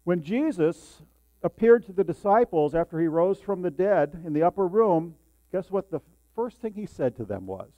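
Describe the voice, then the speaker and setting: An older male pastor gives a sermon in a friendly, conversational way, often asking his listeners questions. His voice sits fairly high. The recording is dry and dull, with a low mains hum underneath. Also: sing-song, normal speed, dry recording. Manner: conversational, asks the congregation questions.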